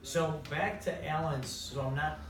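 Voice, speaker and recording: A man's voice: fairly high pitch, a little slow, recorded from a distance, crowd noise. Man asking questions in an echoey room. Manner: prompting questions, steering back to the point. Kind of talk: casual chat. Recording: echoey room from afar with noise.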